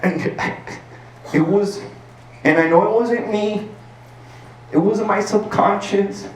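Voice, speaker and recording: A man's voice: high voice, slow, a little hiss or hum. A man from El Paso, Texas, telling an earnest personal story on a stage as a stand-up comedian, full of filler words. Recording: roomy sound from a distance.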